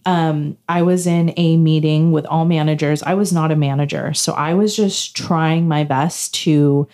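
A woman's voice: low voice, steady tone, unhurried, a little mellow. A woman co-hosting a podcast, telling a personal story in casual chat and acting out the dialogue. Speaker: podcast co-host.

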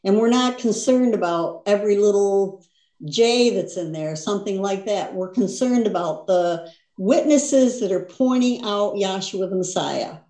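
A woman's voice: mid-range voice, a little slow, mellow, echoey room. A woman teaching a Bible lesson as a sermon, talking conversationally and often checking in with "you understand?". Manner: conversational preaching, frequent "you understand?" and "see?".

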